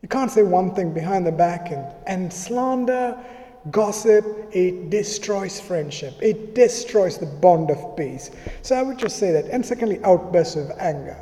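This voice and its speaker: This pastor's voice sits high and sounds warm and animated, moving at a measured pace. He delivers his sermon in a church hall full of reverb, talking casually and frequently performing the words of others.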